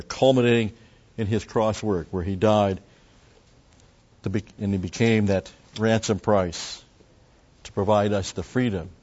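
A man's voice: lowish voice, a little mellow. A man preaching a methodical Bible teaching, explaining Greek words and repeating key terms. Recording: dull lo-fi recording.

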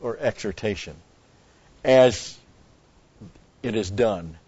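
A pastor teaching an expository Bible sermon, speaking deliberately and stopping to explain Greek word meanings. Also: male voice, fairly low pitch, darkish tone, husky, no echo, dull audio.

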